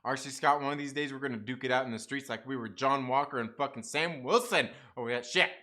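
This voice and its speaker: A man's voice: medium pitch, brisk, bright, forceful tone. A man hosting a casual late-night live stream, chatting with viewers, swearing and laughing as he eats. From half Mexican family. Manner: profane, laughing, talks to chat while eating.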